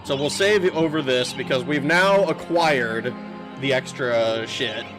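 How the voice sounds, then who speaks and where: A man's voice: medium pitch, a little slow. Joking male streamer over game music. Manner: joking, chatty, laughs often. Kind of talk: casual gameplay commentary.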